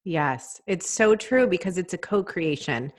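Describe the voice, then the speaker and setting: A woman's voice: on the low side, expressive, unhurried. A woman hosting a podcast, enthusiastic and affirming in casual conversation. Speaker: podcast host.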